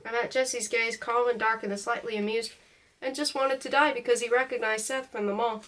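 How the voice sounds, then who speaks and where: A woman narrates a novel in the first person, with a voice pitched a little high. Her reading is expressive and emotional. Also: normal speed, rough recording. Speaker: audiobook reader.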